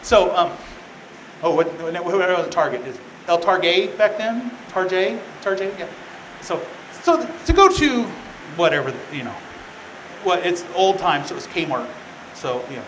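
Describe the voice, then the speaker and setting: A man's voice: high voice, a little slow, fairly bright tone, slight background noise, low-quality recording. A man teaching a youth Bible class, telling the story casually with joking, rambling asides to the room.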